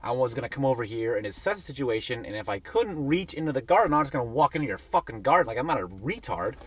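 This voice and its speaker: A man's voice: medium pitch, very animated, fast, a bit bright, husky. A young man telling a funny personal story in a rambling, profane, self-mocking way. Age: young adult.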